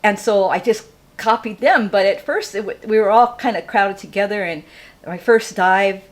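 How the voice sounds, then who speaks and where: An older woman from Hawaii telling a personal story live, in an animated way, laughing often and acting out the people in it. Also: mid-range voice, normal speed.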